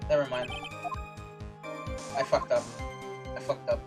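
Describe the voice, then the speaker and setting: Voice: mid-range voice, level tone, unhurried. Brief: an offhand, self-mocking streamer, distant mic. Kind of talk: casual livestream commentary. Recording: distant mic, loud game music.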